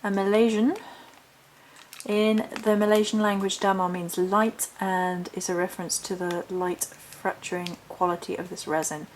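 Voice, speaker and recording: A woman vlogger with a lowish, level voice chats casually at a normal speed while showing off a haul of witchcraft supplies. She rambles, backtracks and reads notes aloud from a book, and the rough recording carries a little hiss or hum.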